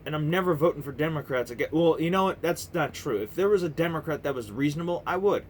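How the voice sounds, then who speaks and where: A man's voice: fairly high pitch, lively intonation, fast talker, a little hiss or hum. A man in his thirties ranting to camera in a heated, profane, rambling monologue full of restarts. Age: 30s. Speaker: vlogger. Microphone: camera mic.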